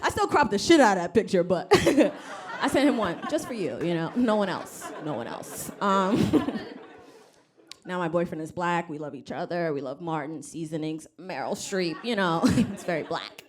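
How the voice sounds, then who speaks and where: Wry woman comic with a lively voice. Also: fairly low pitch, moderate pace. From Rwanda. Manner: wry, self-deprecating, acts out other voices. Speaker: stand-up comedian. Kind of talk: stand-up comedy set. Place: comedy club stage with live audience.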